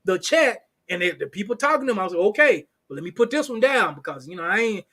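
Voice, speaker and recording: High, bright-voiced man chatting animatedly. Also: very fast, husky. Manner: animated, slangy, acts out quoted voices. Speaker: crypto strategist guest. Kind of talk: casual interview chat.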